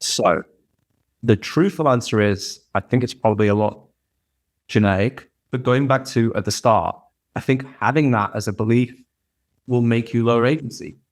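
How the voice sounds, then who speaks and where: A man who is a podcast guest, explaining ideas in a thoughtful, measured way in a casual interview. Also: mid-range voice.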